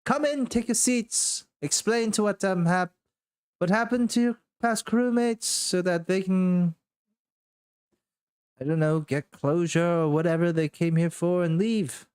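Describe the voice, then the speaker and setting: A man's voice: high-pitched, measured pace, darkish tone, clear, resonant tone, voice pushed up. Elaine, a brusque woman crew leader, voiced by a man. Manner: curt, dismissive orders.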